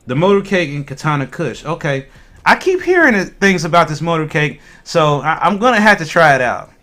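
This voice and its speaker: A man's voice: fairly high pitch, fairly quick, soft background music. A man hosting a casual cannabis livestream, chatting animatedly with viewers and laughing often. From Ohio. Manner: animated, laughing, talks to chat.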